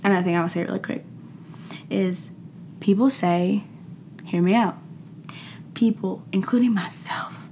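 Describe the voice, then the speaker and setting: Young woman host, low gravelly voice, emphatic casual motivational talk. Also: slight background noise. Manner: animated, emphatic, slangy, laughs often. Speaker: podcast host.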